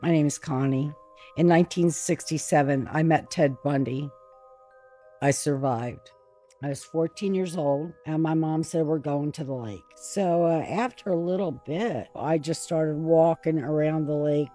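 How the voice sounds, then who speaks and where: A woman in her seventies calmly recounting a personal memory in plain, halting words. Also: low voice, soft background music. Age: 70s. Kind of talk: personal testimony.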